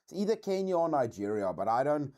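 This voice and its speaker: A man from South Africa with a South African accent, hosting a casual livestream reaction chat in a slangy, swearing, animated way. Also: on the high side, fairly quick. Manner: animated, slangy, says dude a lot, swears. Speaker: streamer host.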